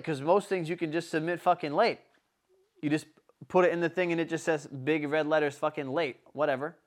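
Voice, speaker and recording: Young man, casual chat, animated storytelling, fairly high voice, swears constantly. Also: a little fast. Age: young adult.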